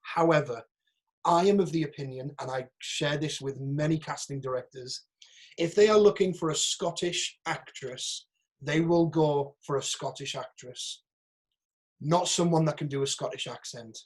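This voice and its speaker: A man with a Northeast English accent teaches over a video call, his voice sitting a touch higher than most men's. He talks frankly and casually, with plenty of asides as he critiques each clip. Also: moderate pace. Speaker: acting agent and workshop teacher. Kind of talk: online workshop talk.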